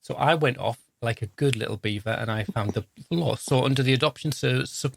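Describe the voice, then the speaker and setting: A man's voice: mid-range voice, a little fast, gravelly, dry recording. A man, hosting a podcast in a casual, rambling, self-deprecating, jokey way. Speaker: podcast host. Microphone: podcast microphone.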